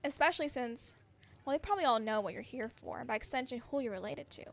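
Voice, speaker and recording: A woman reading the lines of a friendly, chatty small-town young woman from a game, with soft teasing gossip. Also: high-pitched, expressive, fast, vocal fry, exaggerated voice. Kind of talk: reading game dialogue aloud.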